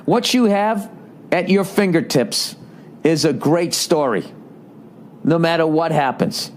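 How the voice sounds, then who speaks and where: A man's voice: a little high, slow pace, slight background noise. A man in his forties with a Boston accent, hosting a podcast in a rambling, profane, sarcastic comedic monologue, reading out listener emails with running commentary. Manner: profane, sarcastic, animated ranting. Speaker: podcast host.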